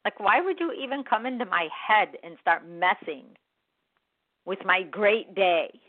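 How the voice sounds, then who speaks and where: A woman's voice: medium pitch, expressive, measured pace. A woman hosting a motivational podcast who talks straight to her listeners and acts out her own inner voices. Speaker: podcast host. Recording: dry, phone-like audio.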